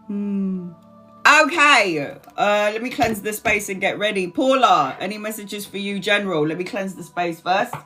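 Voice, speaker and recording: A woman's voice: mid-range voice, lively intonation, normal speed, pushed and bright. Woman, forties, casual live-stream chat, swears a lot, laughs often, faint music behind. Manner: chatty, self-mocking, swears, laughs often. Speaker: tarot reader live-streaming.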